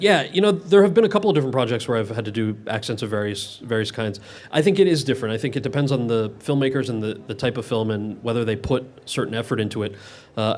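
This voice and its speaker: A male actor answering audience questions at a public Q&A, candid and often restarting his sentences. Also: mid-range voice. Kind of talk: public Q&A conversation. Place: event with live audience.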